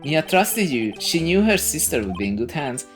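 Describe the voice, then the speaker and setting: Woman reading as an earnest young lawyer, very low, lively voice. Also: moderate pace, faint music behind.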